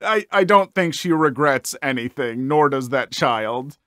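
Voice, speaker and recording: A man's voice: mid-range voice, lively intonation, a little slow, a bit bright, dry recording, studio quality. A young man reading online stories aloud and chatting about them casually, with lots of fillers. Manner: casual, rambling, many fillers. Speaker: story reader and commentator.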